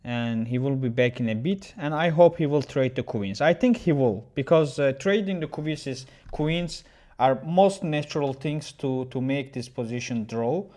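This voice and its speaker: Male chess streamer, mid-pitched, chatty and halting, chats with viewers between moves. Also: expressive, a little mellow. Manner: chatty, reads viewer messages aloud and answers them; halting, often restarts his sentences. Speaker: chess streamer commenting a game. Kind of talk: casual livestream chess commentary.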